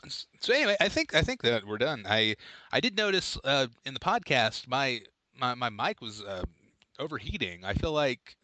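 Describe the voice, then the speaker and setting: A man's voice: mid-range voice, very animated, moderate pace, pushed and bright, dry recording. A man co-hosting a casual comedy podcast, playful and jokey, rambling with lots of fillers. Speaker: podcast co-host.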